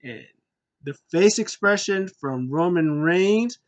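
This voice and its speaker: A man giving a casual, excitable recap of a wrestling show, acting out scenes in raised voices. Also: sits high, slow, dull audio.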